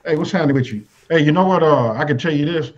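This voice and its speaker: A man's voice: on the high side, fast, a little hiss or hum. A man co-hosting a live online talk show, joking and calling out to viewers. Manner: joking, shout-outs to viewers. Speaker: co-host. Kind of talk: casual live-stream chat. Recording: dull lo-fi line.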